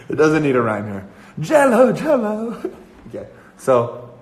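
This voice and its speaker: A man's voice: medium pitch, echoey room, slight background noise, low-quality recording. Man sketching a song aloud, singing fragments. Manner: muses aloud, then sings trial lines over music; soft, trailing speech between sung phrases. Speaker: musician. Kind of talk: songwriting livestream, thinking aloud.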